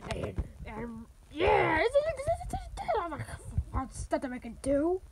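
Brief: woman playing a loud, high young male Koopa, repeats and stammers. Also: wildly swooping pitch, unhurried, very noisy, exaggerated voice. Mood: eager. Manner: shouty, repeats words, stammers. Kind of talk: fan comedy skit voices.

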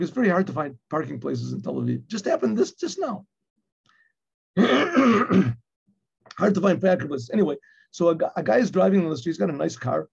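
Husky high-voiced rabbi telling a story. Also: male voice. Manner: storytelling, acts out shouted quotes. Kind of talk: Torah class with personal story. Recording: dull lo-fi recording.

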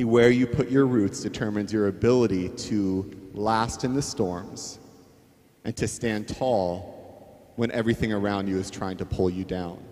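A man's voice: on the low side, darkish tone, big-room sound. A man preaching at a wedding, earnest and conversational, with playful asides to the couple. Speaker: pastor officiating a wedding. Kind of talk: wedding sermon. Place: wedding venue.

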